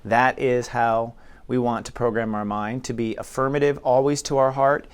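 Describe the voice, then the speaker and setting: A man of middle pitch gives a casual spiritual teaching. He talks informally and slips into quoted voices to act out inner dialogues. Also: steady tone, moderate pace, clear, resonant tone. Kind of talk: casual spiritual talk to camera.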